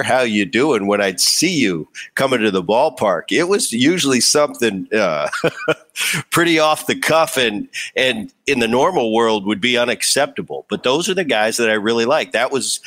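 A man's voice: mid-range voice, a bit bright. Conversational middle-aged male podcast host. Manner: conversational, halting restarts. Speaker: podcast host, former player. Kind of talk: casual interview.

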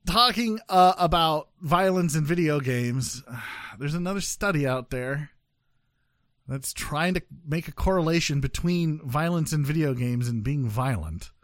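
A man's voice: on the high side, expressive, measured pace, a bit bright, no room sound, clean studio sound. A man hosting a casual news podcast, joking and rambling with many fillers and restarts. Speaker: podcast host.

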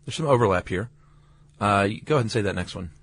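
A man's voice: lowish voice, animated, fast, a bit bright. A man co-hosting a podcast, chatting casually about science with wry, joking asides. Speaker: podcast co-host.

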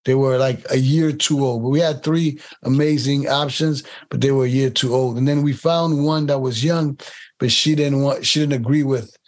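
A man speaks in a relaxed interview about his work as a casting director. His voice sits at an ordinary middle pitch, and he rambles, circling back and repeating words as he finds his point. Now and then he mimics other people's accents to tell a story. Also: normal speed. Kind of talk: casual interview conversation.

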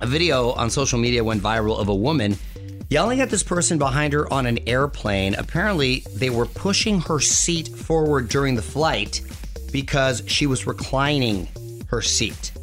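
A middle-aged man hosts a radio show in loose, joking banter. His pitch swings widely, leaping up high when he gets excited. A faint music bed sits underneath. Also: moderate pace. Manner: animated, playful, jumps to high exclaims.

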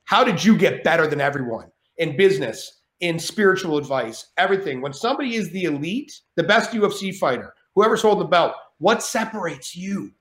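A man telling a story as a podcast guest, animated and rambling, with plenty of swearing. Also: fairly high pitch, brisk, hardly any pauses, reverberant. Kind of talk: casual storytelling.

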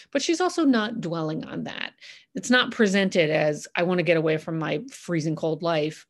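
Enthusiastic woman podcast host, fairly low voice, chatty musical analysis. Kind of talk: casual analytical commentary.

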